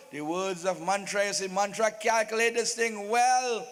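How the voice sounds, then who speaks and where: A man's voice: high-pitched, fairly even intonation, normal speed, long reverb tail. A man narrating a live staged epic with humorous asides to the devotees. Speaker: Ramleela narrator.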